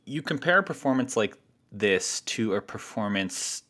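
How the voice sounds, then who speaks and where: A man's voice: on the low side, animated, moderate pace, sharp tone. A man co-hosting a casual film podcast, chatty, with lots of fillers and restarts. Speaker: podcast co-host.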